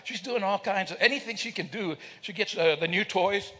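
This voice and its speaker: A man's voice: sits high, a little fast, pushed and bright. An older man telling a funny story to a live audience, joking and teasing people in the crowd. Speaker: speaker at a celebration. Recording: reverberant hall.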